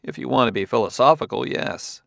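A man's voice: mid-range voice, brisk, creaky, fairly bright tone, no echo, studio quality. A man reading a pressing, methodical Earthman detective. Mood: insistent. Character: sharp, insistent Earthman detective, male adult. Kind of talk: audiobook character reading.

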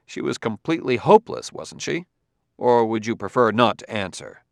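A man's voice: mid-range voice, animated, normal speed, gravelly, no room sound. A blunt male detective from Earth keeps pressing his questions, voice lifted and firm, as a man reads him aloud. The sound is close and dry, with no room around it. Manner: insistent, cross-examining.

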